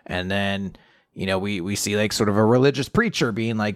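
A man's voice: on the low side, no room sound, clean studio sound. A man co-hosting a podcast, chatting casually and acting out quotes with bursts of laughter. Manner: animated retelling with quick acted-out quotes and laughter. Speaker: podcast co-host. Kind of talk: casual manga discussion.

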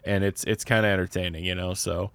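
Bright-voiced rambling man with a Pennsylvania accent. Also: low-pitched, fairly even intonation, brisk, smooth, no echo. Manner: rambling, many restarts and fillers. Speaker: podcast co-host. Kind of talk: casual chat.

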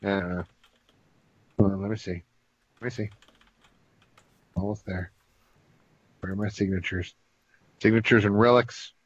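A man trades dry, offhand remarks in a casual podcast conversation. His voice sits at a middle pitch. The audio sounds a little dull and muffled. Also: fairly even intonation, a little slow, long pauses, a little hiss or hum. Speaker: podcast co-host. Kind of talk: casual chat.

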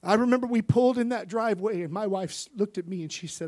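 A male pastor giving a sermon, moving from quiet personal stories to loud, impassioned preaching. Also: sits high, fast. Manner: impassioned preaching that swings from quiet storytelling to shouting.

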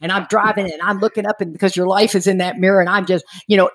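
Lively woman telling a story, laughing. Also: mid-range voice, racing, hardly any pauses. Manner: lively, laughing, acts out quoted voices. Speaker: storyteller sharing her recovery story. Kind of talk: casual personal storytelling.

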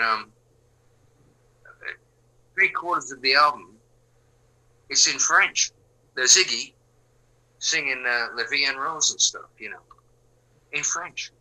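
An older man from England, a musician answering interview questions in a relaxed, rambling way, full of fillers and restarts. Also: mid-range voice, rough recording. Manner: rambling, frequent fillers and restarts, drops to quiet asides. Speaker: musician guest.

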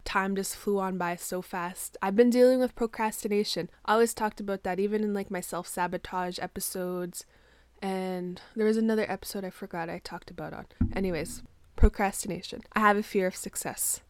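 A woman's voice: mid-range voice, darkish tone, no room sound. A woman hosting her own podcast from a small bedroom into a plugged-in mic, chatting casually and rambling with lots of "like", her morning voice a little groggy and congested. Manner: chatty, rambling, heavy use of "like". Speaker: podcast host. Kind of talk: casual solo podcast chat.

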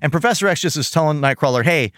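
Enthusiastic male podcast host, lively delivery, close dry mic. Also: fairly quick, no echo. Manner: enthusiastic, animated, acts out quotes in high voices. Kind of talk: casual chat reviewing a cartoon.

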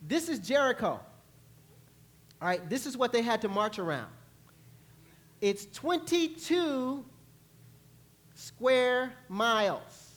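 Playful animated preacher man. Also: high-pitched. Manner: animated, playful, acts out voices and laughs with the congregation. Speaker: pastor. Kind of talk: sermon. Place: church sanctuary.

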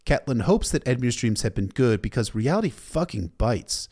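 A man's voice: medium pitch, big pitch swings, moderate pace, darkish tone, breathy edge. Irreverent man recapping a story. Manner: irreverent, swears casually. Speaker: book recap narrator.

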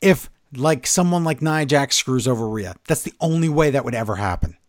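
A man co-hosting a wrestling podcast, recapping shows in a sarcastic, animated way and acting out what the wrestlers said. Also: mid-range voice, a little fast, no echo, studio quality. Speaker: podcast co-host. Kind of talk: casual wrestling recap chat.

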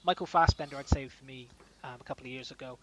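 A man's voice: mid-range voice, fast talker, background noise. A man hosting a casual chat, laughing often and using many fillers. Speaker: podcast host.

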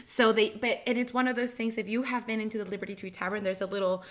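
A woman's voice: on the high side, little pitch movement, fast talker. A woman guest chatting casually about her old restaurant job, with many fillers and restarts. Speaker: guest, former restaurant host at a theme park. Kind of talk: casual anecdotal conversation.

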